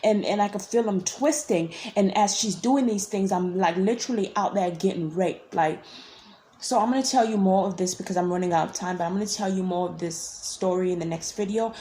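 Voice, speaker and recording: Rambling young woman vlogger, mellow voice. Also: medium pitch, fairly quick, a little hiss or hum. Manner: blunt, rambling, swears. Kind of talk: casual storytelling.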